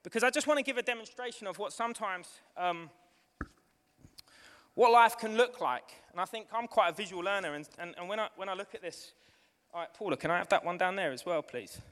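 Excitable high-voiced male preacher, echoing hall. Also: a little fast. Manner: excitable, builds to fervent shouting. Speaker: pastor. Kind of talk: sermon with live demonstration. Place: church hall. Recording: long hall reverb with music behind.

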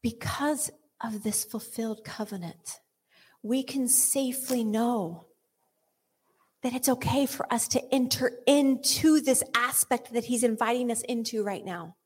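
A woman's voice: fairly high pitch, unhurried, husky. A woman giving earnest Christian teaching with a personal story, often dropping to a whisper and restarting her sentences. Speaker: Christian speaker.

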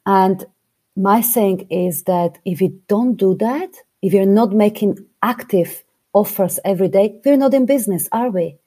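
A woman's voice: medium pitch, unhurried, warm tone, breathy edge. Emphatic woman with a foreign accent. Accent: non-native English accent. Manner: emphatic, builds points in numbered steps. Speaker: guest, business coach. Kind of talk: interview answers.

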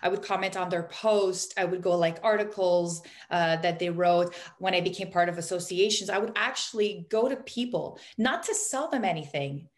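A woman's voice: fairly low pitch, moderate pace, hardly any pauses. A woman guest on a podcast interview, a business coach talking earnestly and repeating her key points for emphasis.

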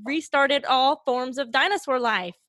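A woman co-hosting a podcast, excitable and playful. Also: high voice, a little slow. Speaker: podcast co-host. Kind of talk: casual podcast chat.

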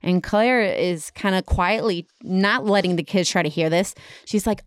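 A woman's voice: lowish voice, measured pace, clear, resonant tone, dry recording, clean studio sound. A woman casually retelling a dramatic story on a podcast, with many fillers.

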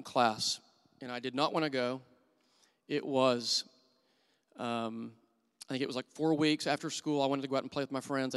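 A man's voice: mid-range voice, a bit bright, clear, resonant tone. A middle-aged man preaching a sermon as a church elder, telling candid and self-deprecating stories. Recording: long hall reverb.

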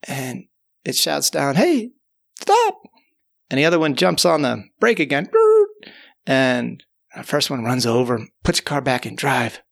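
A man with a gravelly, creaky edge to his voice tells a tall tale in an easy, conversational way. He wanders as he talks, repeats himself and restarts, and keeps dropping in "you know". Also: mid-range voice, fairly bright tone. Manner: rambling, repeats words and fills with "you know". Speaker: storyteller. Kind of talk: casual spoken tall tale.

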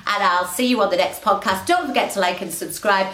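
A woman hosting her own podcast, talking in a chatty, animated, ranting way. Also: medium pitch, brisk, few pauses, recorded from a distance, slight background noise. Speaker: podcast host. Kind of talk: casual motivational monologue. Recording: roomy echo, a little off-mic.

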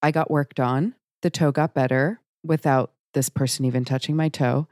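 Deep-voiced chatty woman. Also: fairly even intonation, normal speed, darkish tone, no echo, clean studio sound. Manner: chatty, rambling storyteller. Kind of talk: casual chat.

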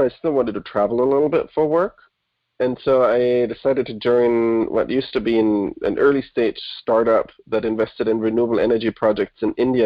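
A man's voice: medium pitch, no echo, muffled recording. A man in his thirties from Germany, a guest chatting casually and laughing easily in an interview.

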